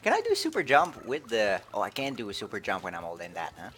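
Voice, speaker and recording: Excitable playful male game streamer. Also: lowish voice, quick pace, soft background music. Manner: playful, excitable, switching between English and French. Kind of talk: casual live-stream commentary.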